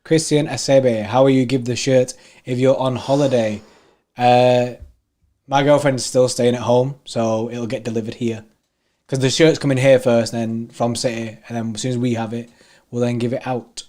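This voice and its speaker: A man's voice: mid-range voice, fairly even intonation, moderate pace, mellow. A young man co-hosting a live watchalong, chatting casually and reading out viewer comments. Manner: chatty, reads out viewer comments, laughs easily. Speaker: watchalong co-host. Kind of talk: casual live-stream chat.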